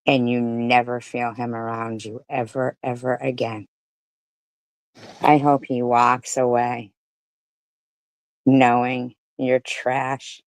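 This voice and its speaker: A woman giving angry live-stream commentary, ranting furiously and profanely, swinging between loud outbursts and low mutters. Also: little pitch movement, slow pace, pauses often, dry recording.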